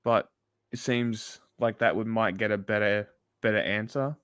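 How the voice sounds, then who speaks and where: A man co-hosting a livestream, chatting casually about politics in a profane, sarcastic and animated way, recorded on a close mic. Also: lowish voice, measured pace, smooth, no room sound. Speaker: livestream co-host.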